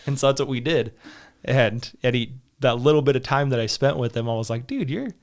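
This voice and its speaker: A man hosts a casual podcast, talking in loose, rambling anecdotes. He laughs often as he goes, and his voice sits in a middle pitch. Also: fairly even intonation, fairly quick. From Southern Utah. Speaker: podcast host. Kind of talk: casual chat.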